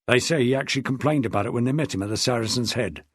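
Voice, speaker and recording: A man's voice: mid-range voice, rapid-fire, husky, dry recording, clean studio sound, pitched below the performer's own voice, lightly acted. A man voicing a polite junior police inspector. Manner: polite, respectful, matter-of-fact. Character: deferential male police inspector, loyal junior officer. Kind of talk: audiobook character voice.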